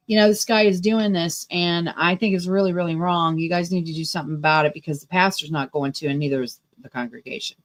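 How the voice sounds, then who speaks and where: A middle-aged woman hosting a radio talk show, telling a story in an indignant, emphatic monologue. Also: fairly low pitch.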